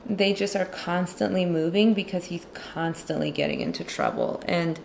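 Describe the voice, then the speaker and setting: Sarcastic low-voiced woman with vocal fry. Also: wildly swooping pitch, normal speed, a little hiss or hum. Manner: sarcastic, chatty, heavy use of "like". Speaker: illustrator and movie commentator. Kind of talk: casual chat while drawing.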